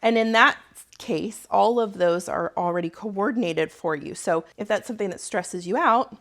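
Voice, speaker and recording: A Southern woman in her thirties talks through a sewing project at home, chatty and easygoing. She rambles off on tangents and laughs often, with a voice pitched in the middle range. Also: normal speed, a bit bright. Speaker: sewing channel host. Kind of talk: casual sew-along tutorial.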